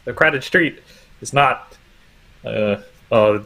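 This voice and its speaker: A man plays in a tabletop game, polite and a little hesitant. His voice is husky with a bright edge. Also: medium pitch, slow pace. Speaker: player. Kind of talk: tabletop game role-play.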